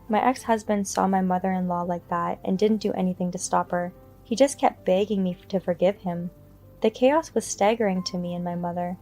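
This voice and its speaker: A woman narrating a first-person story in an even, matter-of-fact way, over faint music. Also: medium pitch, normal speed.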